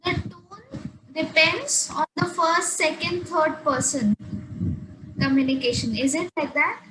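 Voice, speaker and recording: A woman's voice: high-pitched, a little slow, a bit bright, slight background noise, low-quality recording. A woman student asking questions in a language lesson, in a hesitant, questioning way.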